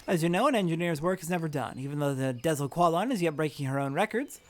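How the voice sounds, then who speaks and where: Confident, wordy engineer with old-fashioned phrasing and animated pitch, as a man reads him. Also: fast talker, natural voice. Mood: brisk. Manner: formal, wordy, slightly pompous.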